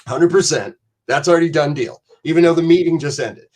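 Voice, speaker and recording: A man's voice, a little high and slightly mellow, moves at a fairly quick clip as this podcast guest tells animated, rambling backstage stories full of profanity, acting out what others said.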